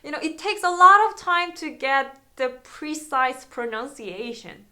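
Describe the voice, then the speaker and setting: A woman violin teacher, chatting through a casual video lesson, halting, with many fillers and restarts. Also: high voice, lively intonation, pushed and bright.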